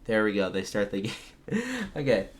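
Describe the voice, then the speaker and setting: A man casting an esports match alone from home, calling plays and then talking more quietly so as not to wake others. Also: lowish voice. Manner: rapid excited calls, then quieter. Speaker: esports caster. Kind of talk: solo play-by-play commentary.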